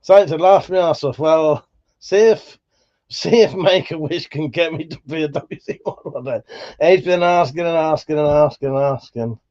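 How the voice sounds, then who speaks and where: A man with a Buckinghamshire accent hosting a livestream, reading out chat in a relaxed, sweary way, laughing often, his voice slightly worn. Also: a little high, moderate pace, highs cut off. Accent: Buckinghamshire English. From England. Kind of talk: casual chat.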